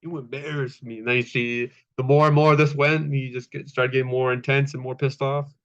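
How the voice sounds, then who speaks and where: A man at a middle pitch talks through a wrestling recap in a loose, casual way, dropping fillers and curse words as he goes. His voice comes through a slightly dull, lo-fi recording. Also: flat delivery, fairly quick, clear, resonant tone. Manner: laid-back, swears freely, many fillers, acts out quotes. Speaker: wrestling show reviewer.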